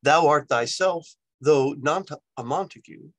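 A man voicing Juliet, a lovestruck young woman, reciting verse slowly and earnestly in his own plain voice. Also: fairly high pitch, a bit bright, dry recording. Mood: yearning.

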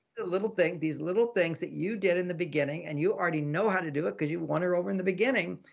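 Man, relationship author, interview guest, gravelly fry, fairly high pitch, animated, acts out quotes, muffled lo-fi sound. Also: fast talker. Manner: animated, acts out little quoted exchanges and laughs often. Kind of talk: casual advice talk in an interview.

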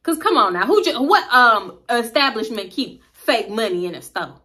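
A young woman in her twenties telling a casual, profane work story in an animated, chatty way. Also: on the high side, normal speed.

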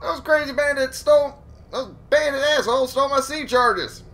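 Man doing a crazy old hermit: pitched way up, grumbling and ranting. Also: moderate pace, bright, forceful tone, full character voice. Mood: cranky ranting.

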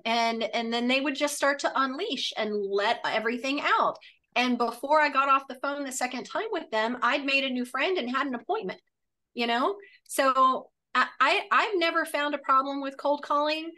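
A woman in her late forties from Florida, a real estate coach chatting in an upbeat, animated way. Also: high-pitched, normal speed. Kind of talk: casual coaching conversation.

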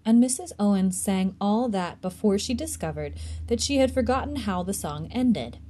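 A woman librarian reading a chapter book aloud for a tween storytime, gentle and even. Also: mid-range voice, normal speed.

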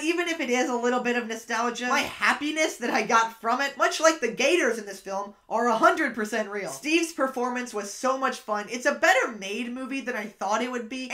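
Woman vlogger doing a casual movie review, playful and excited, bright sharp voice. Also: sits high. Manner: enthusiastic, playful. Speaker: video creator.

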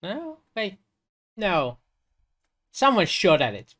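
Halting male game master narrating. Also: high voice, huge pitch swings, bright, forceful tone. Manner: halting, full of fillers and restarts.

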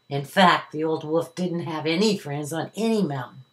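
A woman's voice: low voice, normal speed, few pauses. An older woman, a retired teacher, reading a children's story aloud at home. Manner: warm, expressive reading to children.

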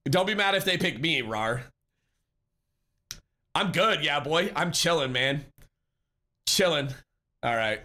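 A man's voice: fairly high pitch, animated, a little slow, pauses often, pushed and bright. A man live-streaming, chatting casually and upbeat with his viewers, greeting and answering them by name.

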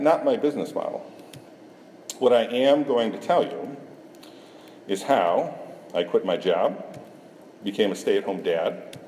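A middle-aged cartoonist from Iowa, USA, jokes with the audience during a self-deprecating conference talk. His mid-range voice is mellow, and the echoey hall adds faint room noise.

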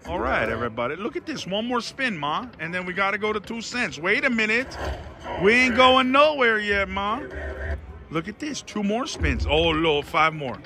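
Excitable high-voiced man narrating slots. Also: moderate pace, noisy background. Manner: dramatic, theatrical, exclaiming to viewers. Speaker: slot machine vlogger. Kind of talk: casual live commentary while gambling. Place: casino.

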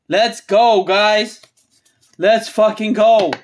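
A channel host rips trading card packs, listing cards under the breath and erupting with cursing hype at the big hits. The delivery is slow and drawn out, with emphatic repeats and shouts when something rare turns up. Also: mid-range voice. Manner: excitable, swears freely, yells at big pulls; drawn-out, emphatic phrasing between muttered card lists. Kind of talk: hyped pack-opening vlog commentary.

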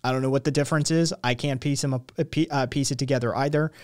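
In a fast, fairly even medium-pitched voice, a young adult man hosting a stream vents casually, cursing heavily and restarting as he rambles. He comes across as exasperated and profane. The recording is dry with clean studio sound.

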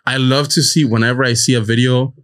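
A man's voice: mid-range voice, fairly even intonation, quick pace, fairly bright tone. Rambling, laughing male co-host. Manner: rambling, restarts, laughs as he talks. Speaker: podcast co-host. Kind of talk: casual chat.

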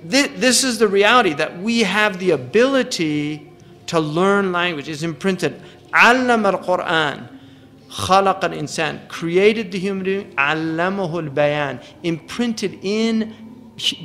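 Guy with a high-ish voice preaching a religious lecture, earnest, lots of restarts, faint noise behind. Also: a little slow, fairly bright tone. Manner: earnest, many restarts, recites Arabic verses. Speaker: Islamic lecturer.

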